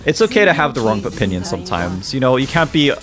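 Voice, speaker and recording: A playful male game streamer who chats loosely with his viewers and laughs often. His pitch swings up and down in a lively, animated way, sitting around the middle of a man's range. Clear music plays underneath his voice. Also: fast. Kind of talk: casual livestream chat.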